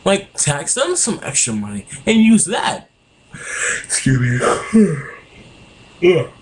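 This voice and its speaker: A man's voice: high voice, huge pitch swings, takes it slowly, slight background noise. A young man in a heated, profane political rant, recorded on a webcam at home. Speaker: vlogger. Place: home room.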